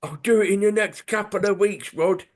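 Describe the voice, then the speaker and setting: A man voicing a shifty male crook from a pub in a gruff, conspiratorial manner. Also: high-pitched, moderate pace, voice pushed up. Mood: sly.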